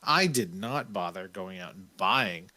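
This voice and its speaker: A man's voice: low voice, lively intonation, a little slow, bright, forceful tone. A man hosting a podcast, talking casually in an easygoing, self-deprecating, joking way. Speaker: podcast host. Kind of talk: casual chat.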